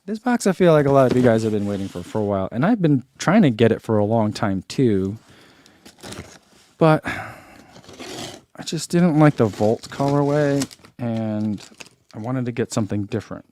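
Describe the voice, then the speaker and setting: A man's voice: medium pitch, expressive, normal speed, mellow, a little hiss or hum. A man who reviews running shoes, chatting casually through an unboxing and thinking aloud with lots of fillers.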